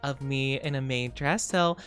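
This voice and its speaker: A woman's voice: very deep voice, unhurried, fairly bright tone, soft background music. A woman streamer chatting casually and playfully with her viewers, greeting them by name. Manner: playful sing-song asides. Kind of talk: casual livestream chat.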